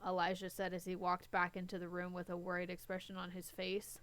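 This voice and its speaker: A smooth, clear young woman reading aloud and chatting. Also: fairly low pitch, monotone, a little fast, few pauses, fairly bright tone, no room sound. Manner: chatty, laughs between lines. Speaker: host reading a story aloud. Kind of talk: casual reading with commentary.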